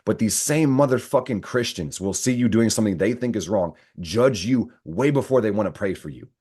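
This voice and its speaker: A young man with a very deep voice delivers a tarot reading straight to his viewers. He talks in a fired-up, profane rush and keeps breaking into loud, heated rants before dropping back down low. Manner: fired-up, profane, ranting, swings into loud outbursts. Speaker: astrology and tarot reader. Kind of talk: tarot reading monologue to camera.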